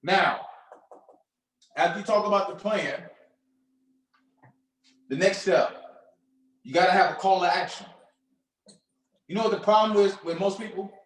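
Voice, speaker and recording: A man with a strikingly high voice delivers a lively motivational lesson. He talks in slang and fires questions at his listeners, pausing for them to answer. His voice rings around an echoey room. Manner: energetic, preachy, uses slang and call-and-response questions. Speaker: trading mentor. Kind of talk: motivational coaching talk.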